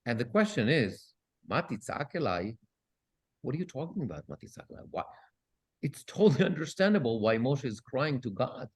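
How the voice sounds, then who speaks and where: A cantor with a medium-pitched, slightly rough voice teaches Bible study at a moderate pace. He reads Hebrew verses aloud and translates them, asking lively questions.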